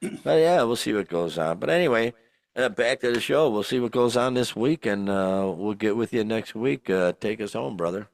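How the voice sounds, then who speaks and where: A man with a low-pitched voice co-hosts a podcast in loose, rambling chat. He sounds a little buzzed and laughs often. The sound is close and dry. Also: lively intonation, moderate pace, gravelly, no echo. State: tipsy. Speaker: podcast co-host. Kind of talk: casual chat.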